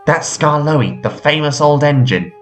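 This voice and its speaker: A man voicing a kind, gentle young male engine who speaks softly, with music behind. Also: fairly high pitch, expressive, measured pace, voice pushed up. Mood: friendly. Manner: soft, friendly.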